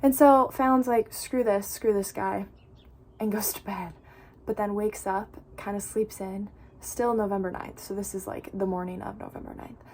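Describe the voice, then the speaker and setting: A woman's voice: medium pitch, fairly even intonation, normal speed, a little mellow. A young woman casually recapping a novel for her channel, chatty and full of "like.". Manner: chatty, fills speech with "like". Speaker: book vlogger.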